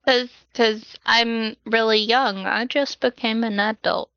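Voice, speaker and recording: A woman's voice: on the high side, steady tone, slow pace, a bit bright, clean tone, no echo. A woman taking part in a tabletop role-play game, giving short, drawling in-character replies, on slightly dull lo-fi audio. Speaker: player.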